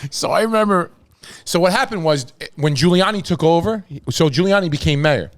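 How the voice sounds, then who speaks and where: A man telling wild stories on a podcast in a loose, profane, animated way. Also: on the high side, brisk. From New York. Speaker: podcast host. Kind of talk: casual storytelling.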